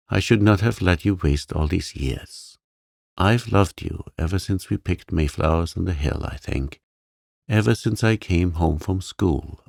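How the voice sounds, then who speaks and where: A proud young woman speaks her heart plainly and steadily, as a man reading the tale puts her on. The delivery stays slow and unhurried, with a faint gravelly grain beneath the lifted voice. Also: low-pitched, darkish tone, no echo, clean studio sound, exaggerated voice.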